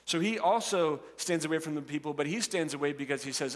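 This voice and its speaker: A man preaching a sermon, animated and acting out the voices of the characters and the crowd. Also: a little high, fast, long reverb tail. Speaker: pastor.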